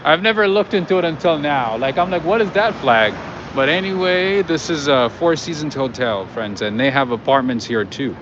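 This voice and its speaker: A man's voice: fairly high pitch, moderate pace, hardly any pauses. A man from California hosting a live walking tour at night, chatting casually with his viewers and calling them friends. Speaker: livestream host. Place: outdoors on a city street at night. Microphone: handheld livestream setup with earphones. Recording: lo-fi street stream with loud traffic noise.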